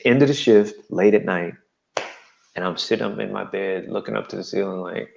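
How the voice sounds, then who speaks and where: A New Jersey man appears as an interview guest, giving an emphatic personal testimony with animated storytelling. His voice sits fairly low and carries vocal fry, and he speaks briskly. The audio quality is lo-fi.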